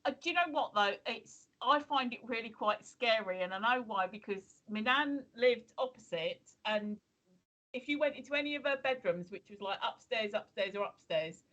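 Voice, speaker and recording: Chatty woman, bright and lively. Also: fairly high pitch, normal speed, dull audio. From England. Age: 50s. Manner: chatty storyteller, lots of ums and restarts. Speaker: co-host. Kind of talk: casual chat. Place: home, streaming.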